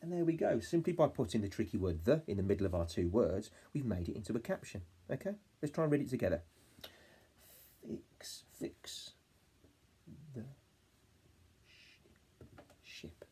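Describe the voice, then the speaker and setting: An English-accented man leads a phonics lesson for small children, sounding out words slowly and praising often. His voice is deep-ish and mellow, with a very husky grain and a lively, swooping pitch. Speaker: reception class teacher.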